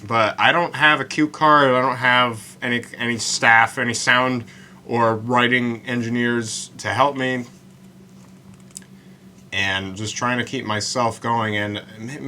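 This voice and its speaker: A man hosting a solo podcast about writing poetry, talking in a halting way with many stammered restarts and slowing down to recite his lines. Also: on the low side, sharp tone, slight background noise. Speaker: podcast host.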